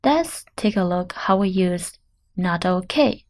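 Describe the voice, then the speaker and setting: Slow, deliberate woman teaching Chinese. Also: fairly low pitch, animated. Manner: clear, deliberate pronunciation drills. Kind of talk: slow language lesson.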